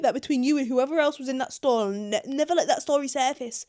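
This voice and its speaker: A woman's voice: sits high, fast, few pauses, a little mellow. Blunt, sweary young British woman. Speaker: YouTuber. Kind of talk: casual commentary reading online confessions.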